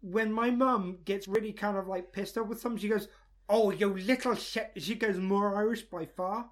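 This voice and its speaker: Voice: mid-range voice, fairly even intonation, moderate pace. Podcast host, mid-range voice, earnest enthusiast, casual chatter.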